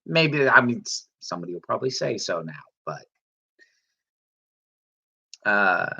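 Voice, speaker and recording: A woman's voice: rumbling low, big pitch swings, measured pace, gravelly, pushed and bright, slightly rough, dull audio. A woman hosting a livestream, chatting casually and reading out viewer comments, rambling with frequent restarts. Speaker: livestream host reading chat. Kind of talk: casual chat.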